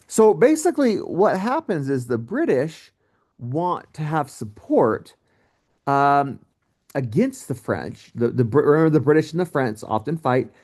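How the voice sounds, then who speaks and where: Guy teaching history, super animated voice jumping up and down, jokey and casual. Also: on the high side. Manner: casual, joking, lively asides to students. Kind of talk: recorded history lecture.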